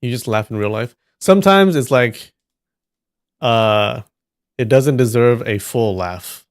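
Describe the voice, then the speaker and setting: Man, live stream host, casual joking chat, low pitch, dry sound. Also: steady tone, measured pace, smooth, no room sound. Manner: joking, teasing banter with frequent laughs.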